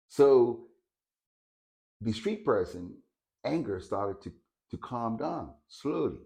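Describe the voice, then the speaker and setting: A man's voice: medium pitch, sing-song, takes it slowly, vocal fry, pauses often, dark tone. A man casually telling a story, hesitating and repeating words as he searches for them.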